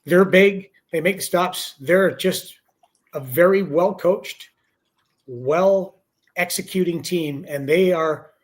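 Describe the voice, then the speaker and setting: A middle-aged man who is a hockey broadcaster, speaking as a guest on a sports talk show. His voice sits fairly high, and he talks in a steady, analytical way that stays friendly. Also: slow pace. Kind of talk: casual sports chat.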